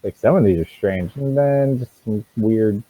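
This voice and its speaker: A man's voice: on the low side, unhurried, no echo. A man narrating as game master in a tabletop game, loose and full of fillers. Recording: tinny phone-like mic, dry.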